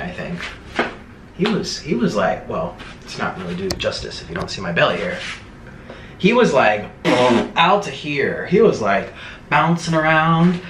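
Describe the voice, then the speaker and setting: A man's voice: on the high side, a bit bright, echoey room, a little hiss or hum. A man hosting a mukbang video, ranting casually and at length to the camera, rambling with emphatic asides and mocking impressions. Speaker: mukbang host. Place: room in Bangkok.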